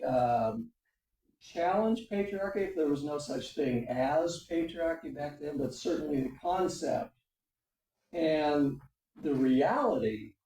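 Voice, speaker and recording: Man teaching adult class, mellow tone, roomy church classroom picked up from afar, halting with fillers. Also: fairly high pitch. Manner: lecturing with frequent fillers and "okay?" checks. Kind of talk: classroom lecture with discussion. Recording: roomy, mic at a distance.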